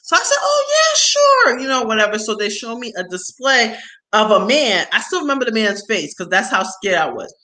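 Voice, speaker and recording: Bright-voiced woman telling a story. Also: a little high, normal speed. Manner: animated, laughs often, rises to loud shrieks when excited. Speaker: host. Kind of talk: casual storytelling chat.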